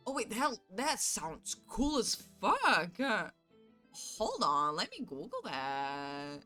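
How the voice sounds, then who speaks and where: A woman's voice: medium pitch, huge pitch swings, takes it slowly, pushed and bright, faint music behind. A woman streamer from Canada chatting casually with her chat, telling stories animatedly, acting out both sides and swearing freely.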